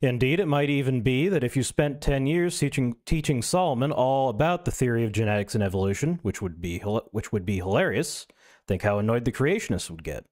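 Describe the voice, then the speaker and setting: A man's voice: medium pitch, expressive, a little fast, darkish tone. A male streamer reading an essay aloud, breaking in with wry, self-mocking asides.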